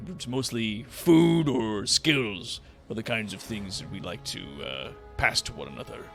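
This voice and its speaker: A man voicing a calm, amused male orc chieftain with a long beard, speaking in a dry, deliberate way in a tabletop game. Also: lowish voice, creaky, over music, voice pushed down. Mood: wry.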